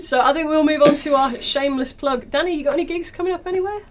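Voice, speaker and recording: A woman's voice: sits high, fast, a loud crowd. Giggly New woman hosting. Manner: giggly, laughs often while talking. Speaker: podcast host. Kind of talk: casual comedy chat.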